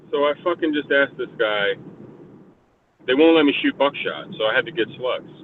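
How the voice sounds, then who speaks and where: Man, profane, rambling, animated pitch, tinny voice chat sound. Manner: animated, swears constantly, rambling. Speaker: voice chat participant. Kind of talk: casual profane storytelling. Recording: tinny phone-like voice chat, faint hiss.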